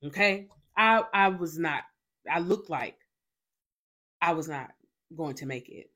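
A woman's voice: lowish voice, expressive, unhurried, fairly bright tone. A young woman hosting a faith show, telling a personal testimony in a dramatic, emphatic way with lots of repetition.

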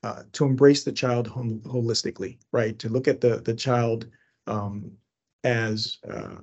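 Man, middle-aged, from Cuba, educator, podcast guest, earnest, emphatic, husky voice. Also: mid-range voice, measured pace, highs cut off. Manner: earnest, grows emphatic and animated when making a point. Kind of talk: conversational podcast interview.

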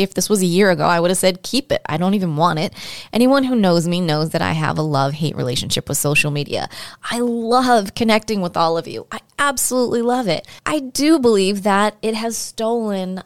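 A woman hosting her own podcast, telling a personal story in a candid, emotional, animated way. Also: mid-range voice, no room sound, studio quality. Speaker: podcast host.

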